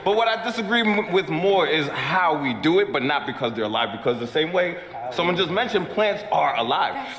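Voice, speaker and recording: A man's voice: a little high, animated, moderate pace, hardly any pauses. A man speaking casually and hesitantly in a panel discussion, with many fillers. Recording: echoey hall with crowd behind.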